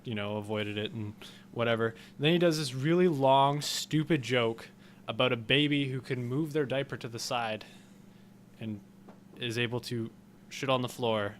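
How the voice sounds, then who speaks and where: A man co-hosting a podcast, chatting casually and rambling through his take, getting animated when he retells jokes. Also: mid-range voice, moderate pace, a little hiss or hum. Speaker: podcast co-host. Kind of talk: casual chat.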